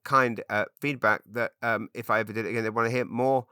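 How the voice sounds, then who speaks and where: A man's voice: medium pitch, steady tone, fast, pushed and bright, smooth, no room sound, clean studio sound. A man hosting a solo comedy podcast, rambling in a chatty, self-mocking way with many ums and restarts. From Britain.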